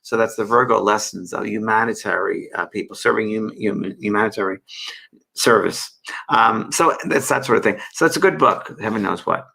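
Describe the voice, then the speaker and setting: A man hosting a live spiritual session, answering viewers' questions in a gentle, rambling way. His voice has a gravelly texture and a bright, forward tone. He stops often with fillers and restarts his thoughts. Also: on the low side, normal speed. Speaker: spiritual medium and host. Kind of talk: live online Q&A and guidance.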